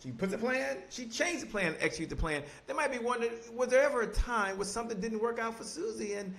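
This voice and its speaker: High-pitched male interviewer, lively, rising questions. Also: fast talker.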